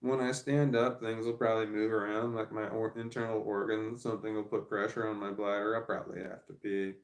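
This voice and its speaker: A man's voice: lowish voice, flat delivery, brisk, roomy sound. A man in his forties chatting casually on a livestream, rambling and candid as he thinks aloud. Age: 40s. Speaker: streamer.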